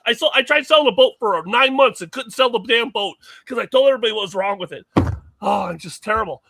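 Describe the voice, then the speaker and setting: Bright high-pitched man rambling through stories. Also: fast talker, gravelly, no room sound. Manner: rambling, self-mocking storyteller with many restarts. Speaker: guest, mining equipment maker. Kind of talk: casual podcast chat.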